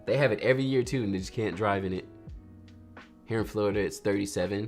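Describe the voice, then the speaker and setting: A man's voice: fairly low pitch, fast talker. A man, casually chatting with viewers on his photography livestream and joking as he reads their messages. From North Carolina, USA. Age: 30s. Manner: lively, jokey, reads chat aloud, acts out quotes. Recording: faint music behind.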